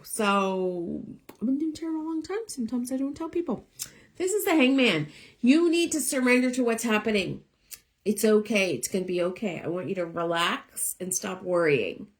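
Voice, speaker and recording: Lively, chatty woman reading tarot. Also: mid-range voice. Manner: chatty, encouraging, talks straight to viewers. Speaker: tarot reader. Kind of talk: live one-card tarot readings.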